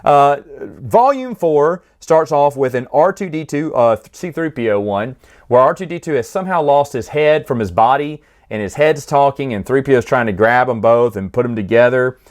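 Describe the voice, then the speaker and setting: A man's voice: mid-range voice, animated, moderate pace. A man hosting a casual spoken recap of a book series, chatty, with frequent restarts, fillers and laughs.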